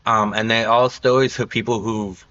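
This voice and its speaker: Podcast host, man, low pitched and bright-edged voice, loose rambling delivery, dull lo-fi audio. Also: level tone, normal speed. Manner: rambling, filler-heavy storytelling. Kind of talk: casual podcast chat.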